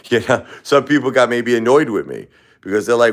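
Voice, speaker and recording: A grieving man hosts a livestream in a mid-range voice, speaking a little slowly. He rambles emotionally, repeats phrases, and chuckles between lines.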